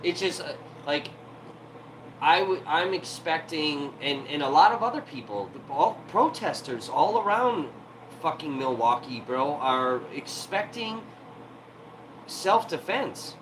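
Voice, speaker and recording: A man's voice: fairly high pitch, animated, slow, background noise. A man hosting a livestream from home, ranting heatedly and profanely in an irritated tone. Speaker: livestream host.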